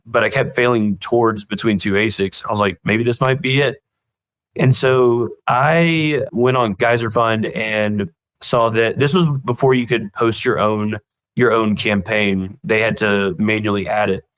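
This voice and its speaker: Lower-voiced man telling anecdotes. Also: measured pace, dry recording, low-quality recording. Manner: rambling, self-deprecating, animated anecdotes. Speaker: guest comedian and show creator. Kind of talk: casual interview storytelling.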